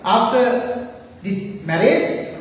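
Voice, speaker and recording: A woman giving an academic lecture, halting, with frequent fillers and self-corrections. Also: fairly high pitch, expressive. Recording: echoey hall, mic far off.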